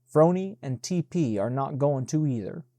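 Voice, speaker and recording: A man's voice: mid-range voice, animated, normal speed, warm tone, no echo, close to an everyday voice. A man voicing a spiteful little boy who taunts in a whiny, sneering way. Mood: defiant.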